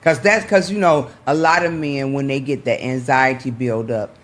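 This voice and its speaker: A man's voice: medium pitch, normal speed, a bit bright. A male interviewer in a studio who keeps affirming the speaker and chimes in often.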